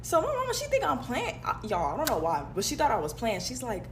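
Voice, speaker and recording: A woman telling a storytime to camera, rapid, heated and emphatic. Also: on the high side, wildly swooping pitch, background noise.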